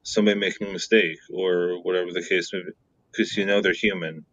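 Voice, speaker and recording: Man, podcast co-host, rambling and eager, very deep voice, muffled lo-fi sound. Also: steady tone, fast, fairly bright tone. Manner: enthusiastic, rambling. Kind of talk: casual podcast chat. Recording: dull lo-fi sound.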